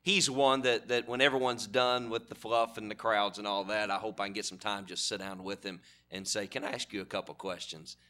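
Bright-voiced folksy preacher man. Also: lowish voice, flat delivery, normal speed, hardly any pauses. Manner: folksy, storytelling, builds to loud fervent appeals. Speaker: guest preacher. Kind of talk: sermon. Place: church sanctuary.

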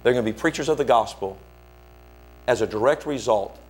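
This male pastor speaks a little fast with a medium-pitched voice. His sermon is built on stories, told with energy as he acts out the voices of people he quotes.

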